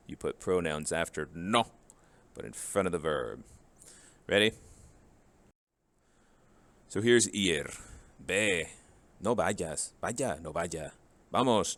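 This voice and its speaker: A man with a very low, deep voice runs a grammar lesson. His delivery is casual and joking, and he walks through forms one at a time. The tone stays relaxed and explanatory throughout. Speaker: Spanish teacher.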